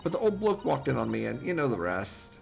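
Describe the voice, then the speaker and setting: Guy doing a cockney street kid girl, tough, brushes everyone off, bit of rasp. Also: medium pitch, big pitch swings, a little fast, a little mellow, soft background music. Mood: defiant. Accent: put-on Cockney. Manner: defiant, dismissive, slangy. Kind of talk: reading game dialogue aloud.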